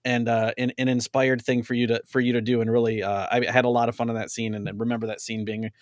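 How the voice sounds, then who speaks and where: Man, host, casual chat, friendly, reminiscing, laughs easily, medium pitch, dry close sound. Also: little pitch movement, quick pace, dry recording. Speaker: podcast host. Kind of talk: casual conversation.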